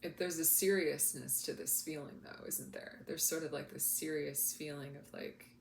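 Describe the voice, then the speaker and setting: A woman talking in a casual, heartfelt vlog as a spiritual coach, soft and earnest with many fillers. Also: low-pitched, moderate pace, gravelly. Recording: echoey room with faint noise.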